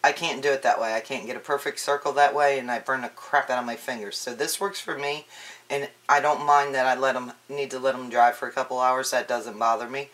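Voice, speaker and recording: A woman giving a casual crafting tutorial, chatty and relaxed, with frequent ums and restarts. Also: extremely low pitch, brisk.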